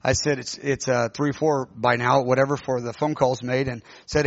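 A middle-aged man, a pastor telling a lively story in a sermon and acting out the voices of the people in it. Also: mid-range voice, fast talker, hardly any pauses, dry recording. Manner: animated, acts out quoted voices. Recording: dull lo-fi recording.

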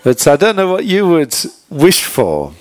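A man's voice: on the high side, measured pace, no echo. A man preaching a sermon in a conversational, storytelling way, using many "you know"s and asking his listeners direct questions. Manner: retells a joke in a relaxed way.

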